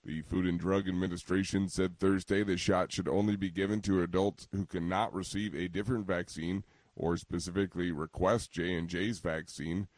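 A man reading a radio news bulletin as the anchor, in a measured, even delivery. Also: low-pitched, no echo.

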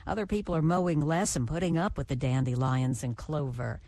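A woman's voice: deep voice, steady tone, fairly quick, a little mellow, no room sound. A woman correspondent delivering a scripted news feature in a conversational tone with playful questions.

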